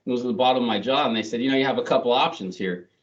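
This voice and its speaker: A middle-aged man speaks as a guest to an audience, chatty and self-deprecating, with many fillers and restarts. His medium-pitched voice goes very fast, and the lo-fi sound is distant and dull.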